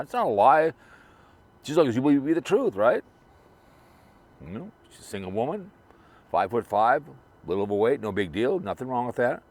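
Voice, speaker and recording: With a fairly low, slightly mellow voice, a man rambles loosely while driving, recalling a friend who was a fellow creator and has died. It's a casual monologue full of repetition and frequent restarts.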